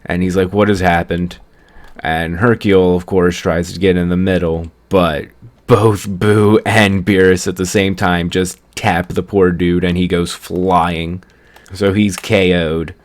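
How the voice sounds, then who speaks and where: A man's voice: low voice, level tone, measured pace. A young man casually recapping an anime episode in a rambling way, chuckling at the story as he goes. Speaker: anime reviewer.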